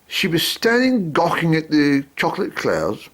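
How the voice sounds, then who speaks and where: Guy rambling thru a silly story, lots of ums, husky voice going up and down a lot. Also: fairly high pitch, wildly swooping pitch, normal speed. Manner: rambling, hesitant, full of ums.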